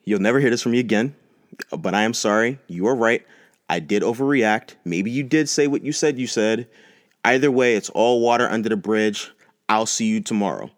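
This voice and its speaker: A man's voice: fairly low pitch, moderate pace, natural voice. A man doing a stern, feisty old grandmother. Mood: grudging. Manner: blunt and scolding, then grudgingly apologetic.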